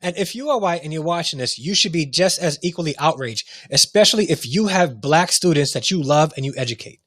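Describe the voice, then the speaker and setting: A man's voice: on the high side, lively intonation, a little fast, a bit bright, dry recording, studio quality. A man hosting a talk show, speaking with heated, repetitive emotion and many restarts. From United States. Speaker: show host. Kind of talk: impassioned commentary.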